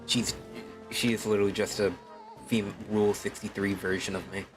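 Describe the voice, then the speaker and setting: Man, casual gaming stream chat, low voice, laid-back, profane, soft music underneath. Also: little pitch movement, normal speed, rough recording.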